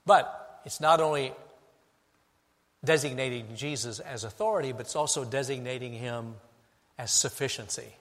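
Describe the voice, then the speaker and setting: A man's voice: medium pitch, moderate pace. Man preaching in a reverberant hall. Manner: dynamic preaching, swings from hushed to emphatic. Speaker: pastor. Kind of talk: sermon.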